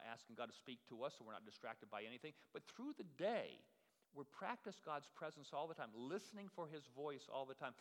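A man's voice: medium pitch, big-room sound. A middle-aged man preaching a sermon in a conversational way, full of fillers and restarts. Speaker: pastor.

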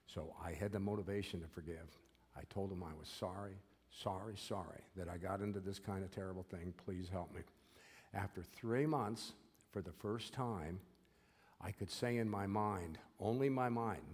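A man's voice: sits low, a little mellow, long reverb tail. An older man giving an earnest personal testimony, often repeating himself and checking in with "okay?". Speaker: former prisoner giving testimony.

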